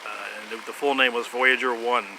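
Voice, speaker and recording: A man's voice: mid-range voice, little pitch movement, fairly quick, background noise. A man rambling through a casual monologue, laughing often, swearing, and trailing off into fillers and restarts.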